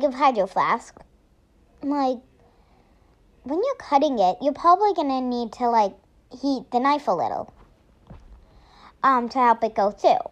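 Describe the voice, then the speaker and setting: A young woman hosting a casual solo podcast, rambling through her thoughts with many fillers and restarts and playful sound effects. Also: high-pitched. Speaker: podcast host.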